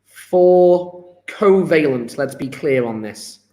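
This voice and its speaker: Chatty chemistry teacher, high voice. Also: male voice, animated, takes it slowly, dark tone. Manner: chatty, encouraging, fillers of "yeah?". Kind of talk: live online lesson. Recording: echoey room.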